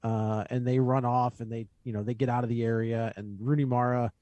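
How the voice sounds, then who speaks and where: Chatty male co-host talking through a movie, mid pitch, dry close-miked sound. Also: level tone, fairly quick, mellow, dry recording. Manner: chatty, laughs along, thinks aloud. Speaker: podcast co-host. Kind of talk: casual film discussion.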